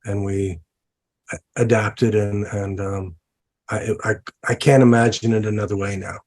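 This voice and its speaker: A man's voice: fairly low pitch, level tone, a little slow, a little mellow. A man, a film director, talking about his film in an interview, with many fillers and restarts. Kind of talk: interview conversation. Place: lives in New Orleans.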